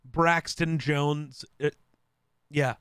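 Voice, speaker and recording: A man co-hosting a casual sports podcast, blunt and quick to swear as he teases the others. His voice is bright and smooth, and it is recorded dry and close. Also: on the high side, steady tone, no echo. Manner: blunt and profane, teasing. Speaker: podcast co-host.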